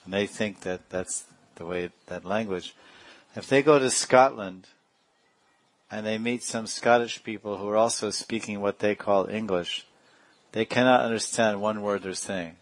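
Low-voiced man giving a rambling talk. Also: a little slow. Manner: digressive, chuckling often. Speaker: spiritual teacher. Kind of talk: devotional discourse.

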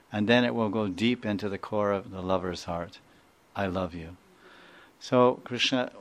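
A man's voice: fairly low pitch, clean tone. A man giving a devotional lecture, digressive and prone to laughing, who acts out sounds as he goes. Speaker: spiritual teacher.

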